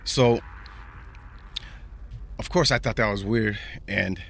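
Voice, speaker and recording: A man's voice: lowish voice, takes it slowly, vocal fry, a bit bright, slight background noise. A man hosting a podcast, telling a personal story in a casual, rambling way, repeating himself and using slang. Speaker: podcast host.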